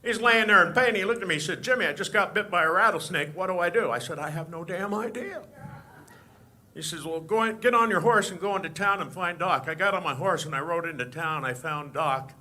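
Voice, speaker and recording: A man's voice: high voice, pushed and bright, pitched above the performer's own voice. A man impersonating a drawling, stammering old male film cowboy, telling a tall tale in a stand-up impression. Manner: halting, stuttering repeats.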